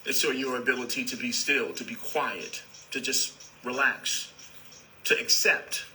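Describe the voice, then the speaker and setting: A man speaking as a spiritual teacher, calm and repetitive, who addresses his listeners as "beloved". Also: medium pitch, normal speed, slight background noise, low-quality recording. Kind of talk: spiritual talk.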